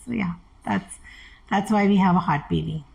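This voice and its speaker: A woman's voice: mid-range voice, normal speed, vocal fry, highs cut off. A middle-aged woman telling candid family stories as an interview guest, acting out the dialogue she quotes. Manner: animated, acts out quoted dialogue. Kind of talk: candid personal storytelling.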